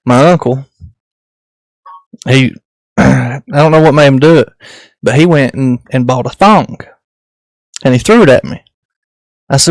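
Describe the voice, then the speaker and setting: A man's voice: medium pitch, unhurried, long pauses, no room sound. A man, an easygoing podcast host chatting and asking folksy questions. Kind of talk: casual chat.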